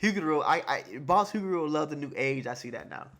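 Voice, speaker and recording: A man hosting a live manga reaction, reading panels aloud and reacting excitedly in loose, slangy casual talk, often repeating himself. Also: on the high side, fairly quick. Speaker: manga reaction channel host.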